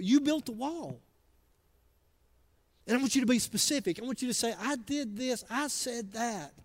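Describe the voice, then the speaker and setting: A man preaching a conversational, emphatic sermon to a church congregation, often acting out what people say. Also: high-pitched. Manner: conversational, emphatic, acts out quoted voices. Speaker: pastor. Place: church sanctuary.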